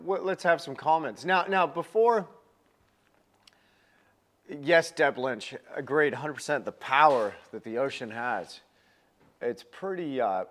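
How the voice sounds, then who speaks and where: A man's voice: medium pitch, unhurried, long pauses, a bit bright. A man hosting a casual painting livestream, chatty and upbeat, often repeating words, with a self-deprecating manner.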